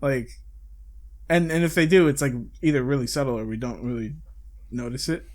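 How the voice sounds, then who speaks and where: A man's voice: mid-range voice, fairly even intonation, brisk. A young man co-hosting a podcast, chatting casually and rambling with casual swearing and frequent laughs. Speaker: podcast co-host. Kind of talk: casual chat.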